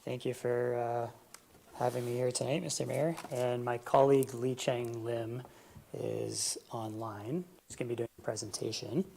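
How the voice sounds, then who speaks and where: A man's voice: medium pitch, moderate pace, vocal fry, dark tone, slight background noise. A man planning agent addressing council courteously in a plainspoken way.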